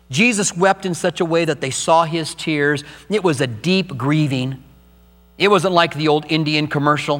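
A middle-aged male pastor preaches with a high-pitched voice, moving between tender grief and urgent emphasis. His words ring out with a long reverb, and a faint mains hum sits under them. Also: fairly bright tone. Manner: emotional, rising to urgent emphasis. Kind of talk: sermon.

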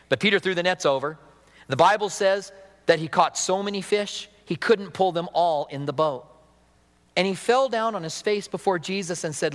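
A man with a high, bright-edged voice preaches a sermon, talking to the congregation like a conversation and asking them questions. His words ring out with a long reverb, as in a big hall. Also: expressive, moderate pace. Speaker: pastor.

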